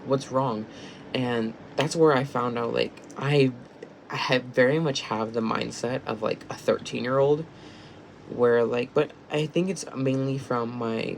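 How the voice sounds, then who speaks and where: A young man tells a story to the camera in a loose, rambling way, stumbling and restarting his sentences. His voice has a gravelly, creaky edge at a middle pitch. A faint hiss of noise sits under the recording. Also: low-quality recording. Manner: rambling, many fillers and restarts. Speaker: vlogger. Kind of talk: casual storytime.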